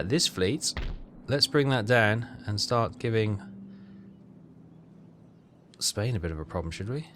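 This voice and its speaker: A man giving casual commentary on a strategy game, thinking aloud with halting, self-correcting phrases. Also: on the low side, a bit bright, slight background noise. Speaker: gaming channel host.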